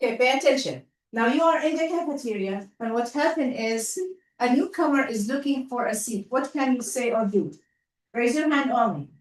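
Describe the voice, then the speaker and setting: A woman with an Arabic accent teaching a class in a lively, coaxing way. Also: a little high. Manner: lively, coaxing, quick asides to pupils. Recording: roomy classroom from far off.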